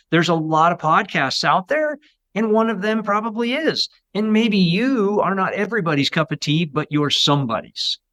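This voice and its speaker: Bright-voiced, enthusiastic male co-host. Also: fairly high pitch. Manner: enthusiastic, agreeing, reflective. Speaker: podcast co-host. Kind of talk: casual podcast conversation.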